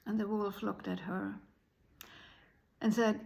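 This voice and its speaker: Slow, gravelly woman storyteller. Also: mid-range voice, a little mellow, low-quality recording. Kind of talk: telling a folk tale.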